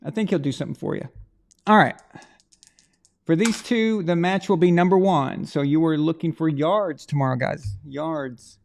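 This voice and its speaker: A man's voice: fairly high pitch, moderate pace, vocal fry. A man hosting a live stream, chatting casually and rambling to his viewers while he runs a prize draw.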